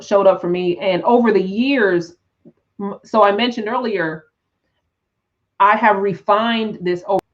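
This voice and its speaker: A woman teaching tarot on a live stream, talking in an unhurried, reflective way with frequent restarts and "right?" check-ins. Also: medium pitch, muffled recording. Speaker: tarot teacher and spiritual coach.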